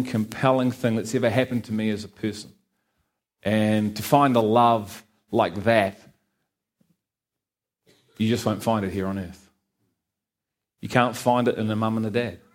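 A middle-aged man with a softened Liverpool accent, giving his personal testimony to a church congregation in an earnest, conversational way, with many fillers and a light joke now and then. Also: on the low side. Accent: Liverpool (Scouse), softened by New Zealand. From Liverpool, England. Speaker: guest speaker giving testimony. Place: church hall with a live congregation.

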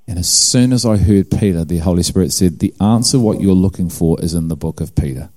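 A man's voice: low voice, a little fast, a little mellow. A middle-aged man with a New Zealand accent giving a personal testimony sermon, telling a story with acted-out dialogue and self-mocking humor. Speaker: preacher.

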